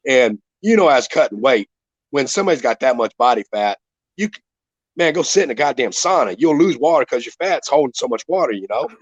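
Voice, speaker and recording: A middle-aged man with a drawl spins a rambling, profane story about a fight, full of restarts. His voice sits at an ordinary pitch. The recording is dry and slightly muffled, like a home podcast mic. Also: animated, brisk, no echo. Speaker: retired MMA fighter guest. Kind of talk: casual storytelling.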